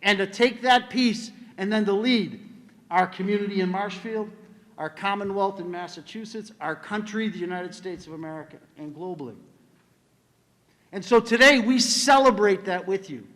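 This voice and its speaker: A man's voice: high-pitched, normal speed, a bit bright. An older man, a school administrator, giving a ceremony speech to honor students in a large hall, telling a family story.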